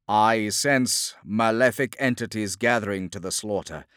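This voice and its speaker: A man voicing a stern male psychic space-marine commander in an audiobook, with low, measured, brooding commands. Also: fairly bright tone, smooth, no room sound, studio quality.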